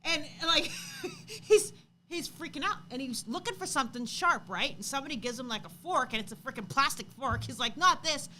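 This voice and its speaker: A woman in her thirties co-hosts a casual livestream chat. Her voice is bright and pitched a little high. She tells stories with animated energy and gets loud when she acts out what people said. A faint hiss runs behind her. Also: quick pace, hardly any pauses. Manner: animated storytelling, acts out quotes loudly. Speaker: co-host.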